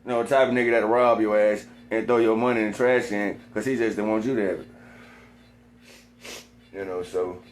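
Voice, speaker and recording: A man in a rambling monologue, swearing constantly and repeating himself, sometimes getting heated and loud. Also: on the low side, steady tone, brisk, pauses often, a little hiss or hum. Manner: gets heated and loud at times.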